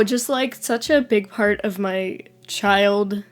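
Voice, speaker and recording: A woman's voice: mid-range voice, fairly even intonation, measured pace, gravelly, few pauses. A young woman vlogging casually at home while sick, giggling, rambling and swearing freely about childhood toys. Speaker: toy nostalgia vlogger. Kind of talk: casual vlog chat.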